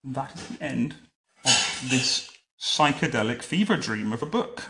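A man's voice: mid-range voice, animated, a little slow, roomy sound, heavy background noise. A man reading a children's storybook aloud, adding dry, wry asides. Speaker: reader to a child.

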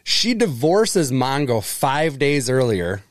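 A man's voice: medium pitch, sing-song, takes it slowly, dry recording, studio quality. A man co-hosting a podcast, recapping in casual chat, laughing often and swearing casually. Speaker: podcast co-host.

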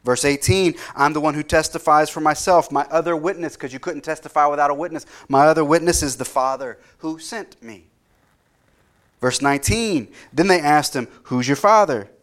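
A man's voice: fairly high pitch, normal speed, fairly bright tone. A man in his thirties, a pastor delivering an earnest sermon that rises in intensity when he quotes scripture.

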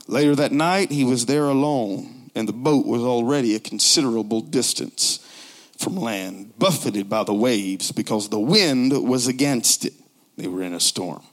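Joking pastor preaching without shouting. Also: male voice, mid-range voice. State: low on strength, not shouting. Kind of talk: sermon.

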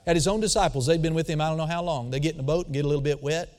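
A man preaching a sermon, swinging between loud dramatic emphasis and quiet asides, calling out for responses from the congregation. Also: a little high, rapid-fire. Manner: calls for audience response. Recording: long reverb of a large hall.

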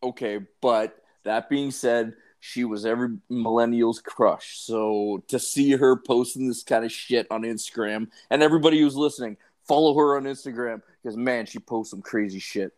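A man's voice: mid-range voice, normal speed, hardly any pauses, darkish tone. A young man co-hosting a podcast, rambling through crude stories and questions with lots of swearing. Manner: rambling, profane, joking. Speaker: podcast co-host. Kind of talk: crude casual chat.

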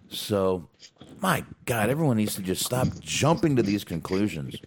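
A man with a very low voice talks in a casual, rambling way on a podcast. His pitch swings widely as he gets animated. He swears freely and fills gaps with ums. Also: measured pace, slight background noise. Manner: profane, animated, rambling with fillers. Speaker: podcast co-host. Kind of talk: casual wrestling recap chat.

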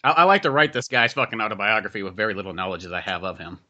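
A man's voice: on the low side, rapid-fire, sharp tone, highs cut off. A man co-hosting a podcast, trading crude jokes in casual banter and laughing often. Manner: crude, jokey, laughs often, slips into silly put-on voices. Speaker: podcast co-host.

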